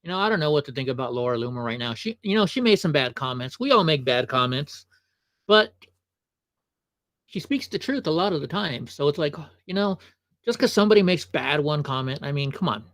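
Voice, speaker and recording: A man's voice: fairly high pitch, lively intonation, brisk, a bit bright, no echo, clean studio sound. Chatty man reacting on a livestream. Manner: chatty, offhand asides. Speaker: livestream host. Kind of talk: casual reaction commentary.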